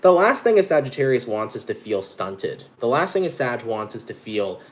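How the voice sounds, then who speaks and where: Male tarot reader, mid-range voice, very animated delivery, casual and foul-mouthed. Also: medium pitch, moderate pace. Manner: upbeat, casual, with frequent swearing; talks straight to the viewers, addressing them by zodiac sign. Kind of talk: casual daily tarot reading.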